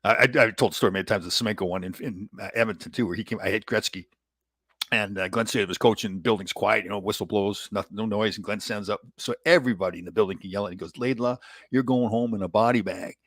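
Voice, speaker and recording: An older man, a former hockey player, telling animated stories in a casual conversation and laughing often. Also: on the low side, fast talker, husky, no room sound, clean studio sound. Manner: animated anecdotes, laughs often, mimics others in quotes.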